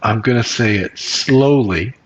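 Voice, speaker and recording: A man's voice: fairly low pitch, measured pace, lo-fi sound. A man playing in a tabletop game, chatting casually and slipping into character lines. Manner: lively, speaks in character. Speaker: player.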